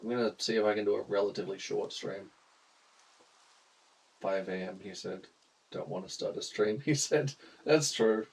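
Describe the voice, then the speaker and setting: A man's voice: fairly low pitch, moderate pace, creaky, pauses often, darkish tone, breathy edge, poor audio. A young Australian man casually chatting to viewers while streaming a game, laughing often and greeting chat.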